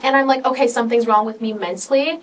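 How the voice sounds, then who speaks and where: A woman's voice: on the high side, quick pace. Teen girl, distant mic, faint noise. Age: teens. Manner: emotional, rambling storytelling with many "like"s. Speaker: podcast co-host. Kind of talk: casual personal talk.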